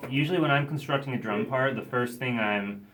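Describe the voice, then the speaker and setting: A man's voice: medium pitch, fairly quick, fairly bright tone. A man, a drummer, explaining his drum part, scatting the rhythms aloud with frequent hesitant fillers.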